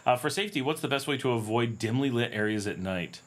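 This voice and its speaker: A man's voice: mid-range voice, animated, fast. A middle-aged American man hosting a casual livestream Q&A, chatty and telling stories with frequent laughs. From United States. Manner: chatty, anecdotal, laughs often, acts out quoted voices. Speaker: livestream host.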